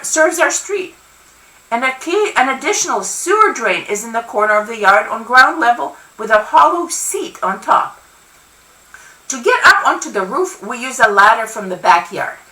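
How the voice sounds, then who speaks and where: A woman author reading her own novel aloud in an expressive first-person narration. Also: fairly high pitch. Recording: roomy, from far off.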